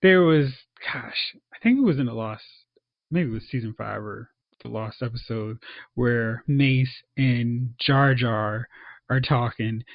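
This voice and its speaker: A man co-hosting a podcast, casually reviewing a show and acting out characters in quick asides. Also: medium pitch, no room sound. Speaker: podcast co-host. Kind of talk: casual movie review chat. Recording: dull, dry lo-fi sound.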